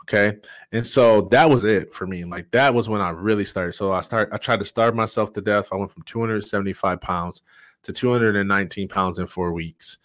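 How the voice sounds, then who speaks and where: Low-voiced man telling a candid story. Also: fairly bright tone, no echo. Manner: earnest and candid, halting with frequent fillers. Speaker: podcast guest. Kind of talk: personal story in conversation.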